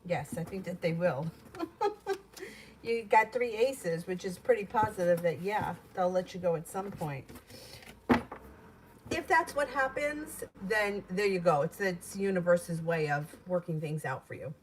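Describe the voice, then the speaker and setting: A woman's voice: on the low side, moderate pace. A woman giving casual tarot readings on a live stream, talking in a loose, rambling way. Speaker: tarot reader. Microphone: home streaming setup. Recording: noisy live stream audio.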